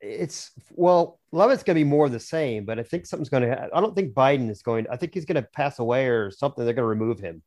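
A man's voice: mid-range voice, expressive, fast talker, hardly any pauses, a little mellow. A man on a podcast as a guest author, chatting casually in a rambling, jokey way with frequent restarts. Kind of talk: casual chat.

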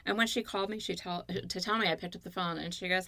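A woman's voice: on the low side, fairly even intonation, fast, few pauses, sharp tone, dry recording. A woman in her fifties, a guest telling her story in an earnest, emotional way during a candid interview.

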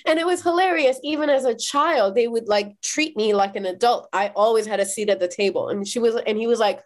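A woman from Iran in her thirties sits as a guest on a podcast and recounts memories. She talks in a lively, rapid way, scattering "like" through her sentences. Her voice sits a touch high for a woman. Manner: lively, quick, frequent "like" fillers. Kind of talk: animated personal storytelling in a podcast interview.

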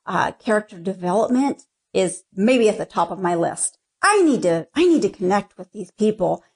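A woman's voice: medium pitch, expressive, moderate pace, a little mellow. A woman author talking frankly about her writing in an interview, rambling with many restarts. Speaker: erotica author, guest. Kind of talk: casual interview talk.

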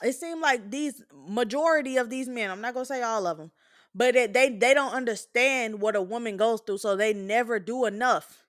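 Host, woman, 20s: candid, profane, emphatic monologue; slightly higher-pitched voice. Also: normal speed, a bit bright. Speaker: podcast host.

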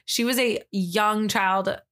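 Woman co-host for a true-crime podcast, mid-pitched, reads case notes and then gives her frank view. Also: steady tone, takes it slowly, a bit bright. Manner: reads case details then gives blunt, disgusted opinions.

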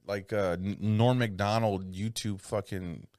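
A man's voice: lowish voice, steady tone, unhurried, a little mellow, no echo, studio quality. A man in casual chat, swearing freely and laughing often. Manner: profane, laid-back, laughs often.

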